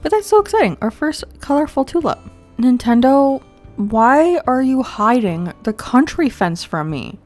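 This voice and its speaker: A young woman giving casual commentary while playing a video game, excitable and quick to gasp and laugh. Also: on the high side. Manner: excitable, gasps and laughs often. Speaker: gaming video creator.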